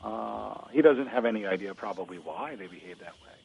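A man who studies ancient drama, retelling a play in a lively storytelling way during a discussion. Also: fairly low pitch, brisk, vocal fry, slight background noise. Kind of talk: conversational discussion. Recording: phone-like thin audio.

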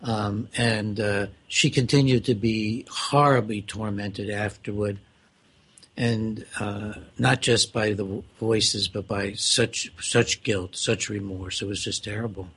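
A man with a husky voice explains with care, pausing often with small fillers as he builds his points. His tone stays even and thoughtful as he answers a colleague. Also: lowish voice. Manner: measured and explanatory, with filler pauses. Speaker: mental health expert. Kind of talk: conversational discussion.

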